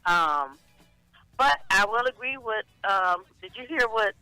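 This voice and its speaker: Bright-voiced, reflective woman co-host. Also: medium pitch, expressive, clear, resonant tone, dry recording, faint music behind, poor audio. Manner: measured and reflective, with affectionate greetings. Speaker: show regular and co-host. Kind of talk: casual talk radio conversation.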